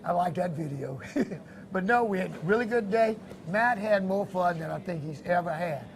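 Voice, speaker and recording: A man's voice: sits high, animated, normal speed, creaky, crowd noise. A man, telling a fishing trip story in a folksy, chatty way on a local fishing show. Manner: folksy, storytelling, laughs easily. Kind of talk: casual chat about a fishing trip.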